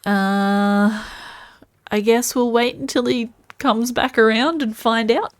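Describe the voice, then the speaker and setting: A woman's voice: fairly high pitch, steady tone, slow. A woman streamer giving casual gameplay commentary, musing and thinking aloud as she plays. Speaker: game streamer.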